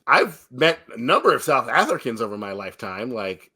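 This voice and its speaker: Guy cohosting a podcast, bright tense voice, laughs a lot, jokey casual talk. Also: medium pitch, very animated, fairly quick, slightly rough. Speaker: podcast co-host. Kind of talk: casual chat.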